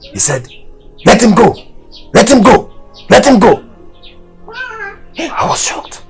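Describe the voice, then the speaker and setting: A man's voice: mid-range voice, huge pitch swings, unhurried, faint music behind. A man playing a frantic young Nigerian son. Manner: frantic, breathless storytelling with shouts. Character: young man who fled execution. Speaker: son telling his father of his escape.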